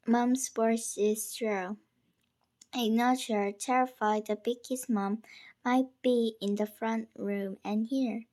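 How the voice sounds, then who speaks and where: A woman's voice: on the high side, steady tone, takes it slowly, warm tone. A woman reading a first-person novel aloud in an unpolished way, with small stumbles and restarts.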